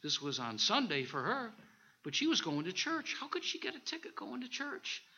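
A man, a minister, preaching a sermon with animated storytelling and scripture reading, on a dull lo-fi recording. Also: sits high, moderate pace, breathy edge.

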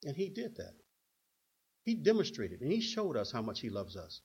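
An older man preaching a sermon in an animated way, acting out stories in other voices. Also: mid-range voice, normal speed, husky. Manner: animated, acts out quotes in put-on voices. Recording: dull lo-fi recording.

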